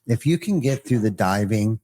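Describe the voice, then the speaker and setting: A man's voice: on the low side, lively intonation, normal speed, mellow. A middle-aged man, a business owner, telling a rambling story in a casual podcast conversation and often restarting his sentences.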